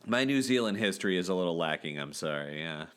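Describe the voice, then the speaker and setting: Very deep-voiced joking man. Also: expressive, quick pace, a bit bright, clear, resonant tone. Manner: joking, teasing, apologetic asides. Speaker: podcast co-host. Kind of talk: casual chat.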